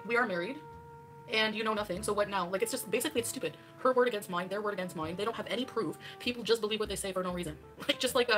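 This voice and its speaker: Fast-talking, defensive woman streamer. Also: medium pitch, fairly bright tone. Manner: defensive, argumentative, talks over clips. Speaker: livestreamer reacting to videos. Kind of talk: casual livestream chat.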